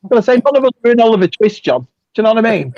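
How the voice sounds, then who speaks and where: Fast-talking man on dull dry audio. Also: sits high, sing-song, a little mellow. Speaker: toy show co-host. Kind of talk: casual chat.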